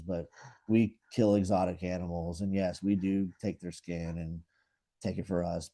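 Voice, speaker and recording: A man's voice: low-pitched, warm tone. A man in his thirties co-hosting a podcast, telling stories in a laid-back way with lots of fillers. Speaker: podcast co-host. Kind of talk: casual chat.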